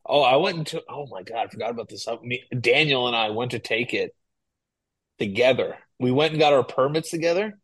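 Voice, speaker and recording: A man's voice: medium pitch, fairly quick, husky, no echo. Casual joking podcast guy. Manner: animated storyteller, swears casually. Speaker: podcast co-host. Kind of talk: casual chat.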